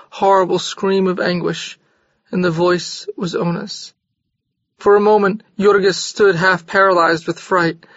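A man narrating a novel in a steady, measured storytelling voice. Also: sits high, no room sound. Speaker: audiobook narrator. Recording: slightly dull dry recording.

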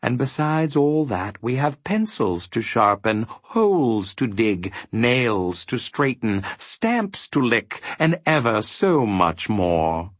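A man voicing a smooth, soothing male demon who coaxes others to stay and stop thinking. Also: medium pitch, sing-song, takes it slowly, hardly any pauses, no room sound. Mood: coaxing. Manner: soothing, coaxing.

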